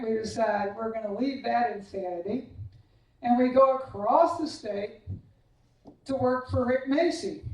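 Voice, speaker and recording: A woman giving a banquet acceptance speech, telling animated, self-deprecating anecdotes as a tennis coach. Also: a little high. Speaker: hall of fame inductee, tennis coach. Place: large banquet hall. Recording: echoey hall, voice far from the mic.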